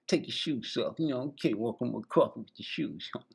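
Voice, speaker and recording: A man playing a smooth-talking male music mogul who coaxes a guest. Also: mid-range voice, animated, normal speed. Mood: coaxing.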